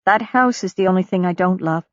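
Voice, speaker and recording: A woman narrator voicing a weary middle-aged mother, gentle and firm, on a dull lo-fi recording. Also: fairly low pitch, fairly quick, lightly acted.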